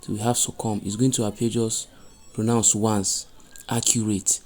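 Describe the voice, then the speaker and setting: A man with a fairly low voice gives a phonics lesson aimed at teachers. He talks them through the steps and says each example word or sentence slowly, often twice. He now and then stops to ask whether they follow. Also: flat delivery, a little mellow, soft background music. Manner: repeats example words slowly and deliberately; explanatory, asks "do you get it?". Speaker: reading teacher.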